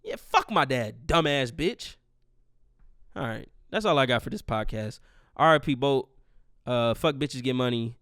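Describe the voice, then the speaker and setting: A man's voice: mid-range voice, animated, a little slow, a bit bright, no room sound, studio quality. A young man hosting his podcast alone, in a profane, rambling rant. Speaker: podcast host. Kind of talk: casual solo monologue.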